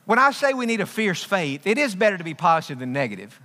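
A man preaching with a high, bright, ringing voice that carries through a big, echoing sanctuary. He hammers his points home through repetition and folksy asides. The long reverb trails after each phrase. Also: big pitch swings, quick pace. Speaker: pastor. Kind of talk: sermon. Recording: long reverb of a large hall.

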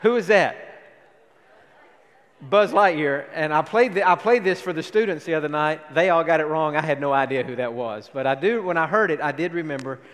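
A man's voice: a little high, fast talker, few pauses, fairly bright tone. A man preaching a sermon and reading scripture aloud to a congregation in a church sanctuary. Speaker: pastor. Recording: long hall reverb.

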